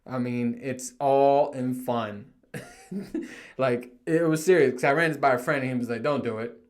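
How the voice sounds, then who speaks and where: A young man talks on his solo podcast in a loose, rambling way. He swears freely, laughs at his own stories and slips into mock voices when he quotes coworkers. His voice sits at an ordinary pitch for a man. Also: steady tone, normal speed. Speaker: podcast host. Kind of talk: casual solo podcast monologue.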